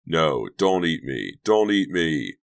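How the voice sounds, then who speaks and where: A man's voice: rumbling low, normal speed, creaky, a bit bright, heavily acted. A man doing a wheedling teenage prankster boy. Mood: playful. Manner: wheedling, playful. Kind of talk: audiobook character voice.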